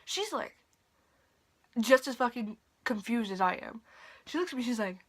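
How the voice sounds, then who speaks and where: Young woman, slightly high voice, casual profane storytime from her bedroom, animated with whispered asides. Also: normal speed, pauses often. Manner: drops to a whisper at times. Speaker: vlogger. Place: bedroom at night.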